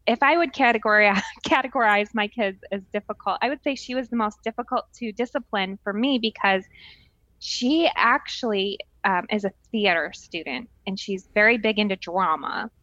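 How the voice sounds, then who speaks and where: A woman's voice: medium pitch, normal speed, dry recording, lo-fi sound. A woman in her forties co-hosting a podcast, telling family stories in casual chat and acting out the voices in them. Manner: animated storyteller, acts out quoted voices. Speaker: podcast co-host.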